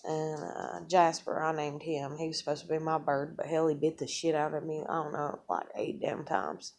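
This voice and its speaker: A woman's voice: low-pitched, flat delivery, normal speed, a little mellow, slight background noise. A young adult woman telling a long, rambling personal story in a casual way, swearing a lot and acting out what she said to people. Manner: rambling, swears often, tells events through quoted speech.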